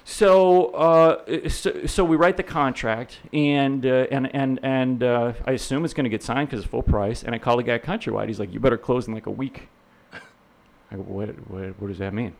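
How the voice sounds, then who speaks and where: With a medium pitch, steady tone and moderate pace, a middle-aged real estate instructor tells casual stories as an interview guest. They ramble, with plenty of fillers and restarts, and he acts out the people he quotes.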